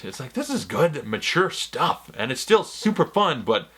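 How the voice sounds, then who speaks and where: A young man rambling excitedly and swearing freely in a casual movie review vlog. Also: medium pitch, normal speed, hardly any pauses.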